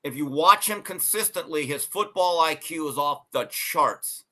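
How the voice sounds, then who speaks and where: A man hosting a sports talk show, telling stories in an animated, emphatic way and swearing freely. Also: a little high, a little slow.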